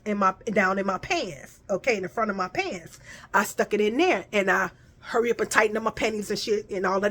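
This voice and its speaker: A woman telling a casual personal story, animated and profane, often calling her listeners y'all. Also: a little high. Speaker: vlogger.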